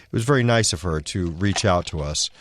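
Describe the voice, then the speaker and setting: A man's voice: deep voice, a little fast, a little hiss or hum. A man co-hosting a podcast in casual chat, joking and teasing his partner. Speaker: podcast co-host.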